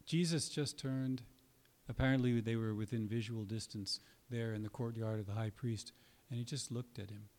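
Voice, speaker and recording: Guy giving a sermon, earnest, leans hard on key words, pauses for drama. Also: medium pitch, fairly even intonation, darkish tone. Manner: earnest, emphatic, with dramatic pauses and acted quotes. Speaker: preacher.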